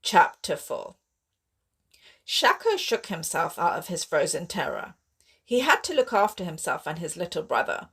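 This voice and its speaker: A woman author reading her own sci-fi horror novel aloud in steady, expressive audiobook narration. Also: on the low side, normal speed, slightly rough.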